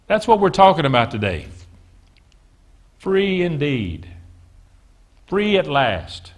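A man's voice: on the high side, big pitch swings, measured pace, pauses often. A man preaching a sermon to his congregation, calling on them to answer back and often repeating words as he builds his points. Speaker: pastor. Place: church sanctuary.

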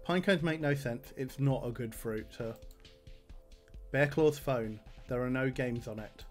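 A man's voice: mid-range voice, measured pace, a little mellow, soft background music. A man streaming a game, reading item text aloud with dry jokes and plenty of fillers. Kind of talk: game livestream commentary.

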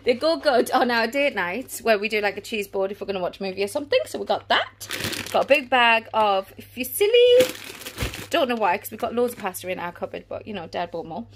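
A woman's voice: a little high, big pitch swings, brisk, noisy background. A woman in her thirties chatting casually through a grocery haul at home, rambling and trailing off as she goes. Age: 30s. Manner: chatty, rambling, often trails off mid-sentence. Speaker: family vlogger. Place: family home, indoors.

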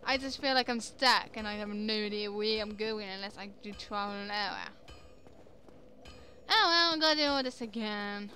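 A young woman commenting chattily on her own gameplay, quick to exclaim and laugh. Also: mid-range voice, bright, forceful tone, soft background music. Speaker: gamer. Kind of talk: let's play commentary.

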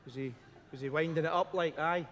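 A man's voice: a little high, fairly quick, fairly bright tone, in a large hall. A Scottish man in live sketch comedy, drawling laid-back stoner patter and ending lines with "man".

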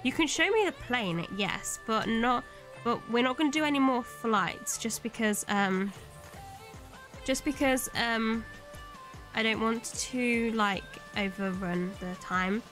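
A woman's voice: on the high side, slow, fairly bright tone, faint music behind. A woman from Italy chatting on a live gaming stream, hesitant, with many ums and restarts. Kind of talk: casual live-stream chat while gaming.

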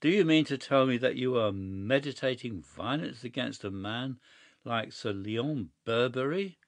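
A man's voice: medium pitch, expressive, measured pace, no room sound. A man reading a story aloud, voicing a flustered, indignant middle-aged country squire who protests in alarm. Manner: agitated, protesting, stammering.

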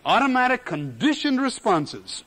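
Emphatic high-voiced male lecturer. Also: sing-song, normal speed, a bit bright. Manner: emphatic, repeats key words for effect. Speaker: lecturer in general semantics. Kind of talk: recorded classroom lecture. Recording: 1970s lecture recording.

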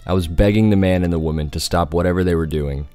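Super deep guy narrating a scary story, slow and dramatic, soft music behind. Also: clean tone. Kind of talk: scripted horror narration.

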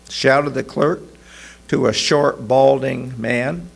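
A man preaching a sermon, narrating a story slowly and deliberately. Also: medium pitch, vocal fry, husky.

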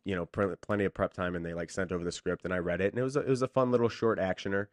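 On a radio show, a male actor guest tells stories casually and animatedly, acting out the voices of the people in them. His voice is low and racing, with no echo.

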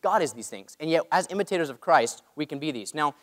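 A young man preaching a sermon in an animated way, joking about his own faults. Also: on the high side, quick pace. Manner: animated, self-mocking asides. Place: large church hall. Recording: long hall reverb.

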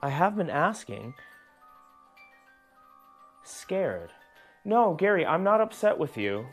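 A man filming a ghost-hunting vlog alone indoors in an old house, gently reassuring an unseen spirit and sometimes jumping with startled outbursts. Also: fairly high pitch, very animated, takes it slowly, faint music behind. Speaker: paranormal investigator.

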